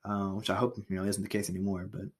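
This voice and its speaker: A man's voice: deep voice, monotone, fast talker, slightly rough. A man co-hosting a casual podcast, reading history facts aloud with a loose, laughing delivery full of fillers. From United States. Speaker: podcast co-host.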